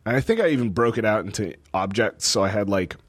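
Young male podcast co-host, casual storyteller, acts out quotes, lively, dry sound. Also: on the low side, fast talker, no echo. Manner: animated storyteller, laughs often, acts out quotes. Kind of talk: casual chat. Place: lives in a city in the northeastern United States.

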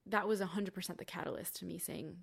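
A woman's voice: lowish voice, steady tone, fast, vocal fry, husky. A young woman, a podcast guest, telling her story in a candid, casual way, swearing freely and saying "like" a lot. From Cuban family.

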